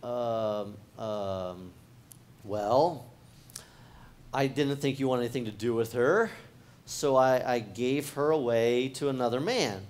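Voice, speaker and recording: A man's voice: medium pitch, slow pace, darkish tone, voice pushed down, close to an everyday voice. A man acting out a hesitant father who halts and mumbles as he makes excuses. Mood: sheepish.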